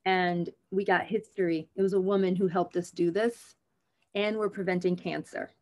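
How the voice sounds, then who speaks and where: A woman's voice: lowish voice, normal speed. A woman OB/GYN, a guest on an interview show, talking frankly and with humor about her field. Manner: frank, animated and joking. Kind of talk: conversational interview.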